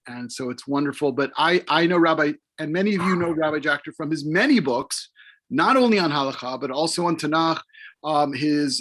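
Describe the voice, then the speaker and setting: A man with a somewhat high voice introduces a guest author and poses long questions. He rambles a bit and leans on fillers between his thoughts. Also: fairly bright tone. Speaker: interviewer and professor. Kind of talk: hosting an author interview.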